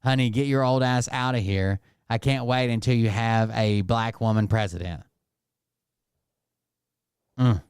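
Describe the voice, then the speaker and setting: A man's voice: medium pitch, a little slow, long pauses, a little mellow, clean tone, dry recording, clean studio sound. Sarcastic, profane male streamer. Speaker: commentary streamer. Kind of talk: casual live-stream commentary.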